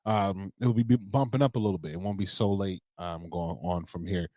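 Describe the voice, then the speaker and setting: Laid-back dad co-host, dry sound. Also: male voice, low-pitched, a little fast, warm tone, no echo. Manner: laid-back, laughs easily, drops short agreements. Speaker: podcast co-host. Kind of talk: casual chat.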